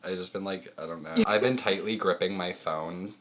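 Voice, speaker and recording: Chill young guy with a super deep voice, kinda hesitant, teasing. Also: moderate pace, fairly bright tone. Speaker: guest boyfriend. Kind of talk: casual chat.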